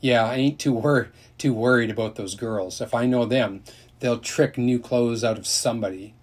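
Guy doing a country boy, husky and drawly, kinda glum. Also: medium pitch, normal speed, natural voice. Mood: plain. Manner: plain, drawling country talk. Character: rural country boy, plain-spoken and glum.

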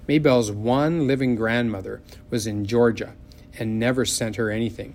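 Measured, expressive male audiobook narrator. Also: medium pitch.

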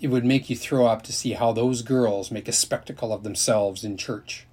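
A man voicing a plain-spoken country boy with a drawling, husky way of talking. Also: medium pitch, normal speed, a little mellow, lightly acted.

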